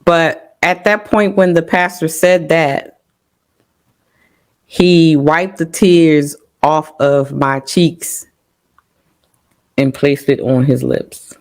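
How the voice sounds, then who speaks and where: A middle-aged woman sharing an emotional personal testimony on a talk show, full of fillers and trying not to cry. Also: low-pitched. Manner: emotional, holding back tears, many fillers. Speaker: podcast guest sharing testimony.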